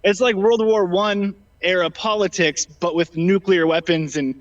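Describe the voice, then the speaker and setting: Unhurried and steady, a high-pitched man takes part in an informal political debate as a guest. Slightly out of breath, he leans on ums and restarts, and the audio is dull and lo-fi.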